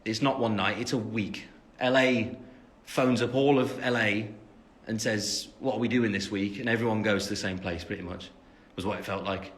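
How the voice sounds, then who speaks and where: A man's voice: lowish voice, steady tone, moderate pace, few pauses. Chatty young Englishman rambling on a livestream. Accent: English Midlands. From England. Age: 20s. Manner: rambling, chatty, self-deprecating, many fillers. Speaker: livestream host reading fan questions. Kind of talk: casual chat. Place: at home after the gym. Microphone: phone camera.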